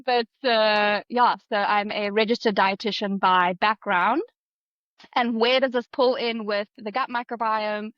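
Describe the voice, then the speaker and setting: A woman's voice: mid-range voice, steady tone, unhurried, dry recording, lo-fi sound. A woman in her thirties from South Africa with a South African accent, a dietitian guest on a podcast, friendly and explanatory, laughing easily. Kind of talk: podcast interview.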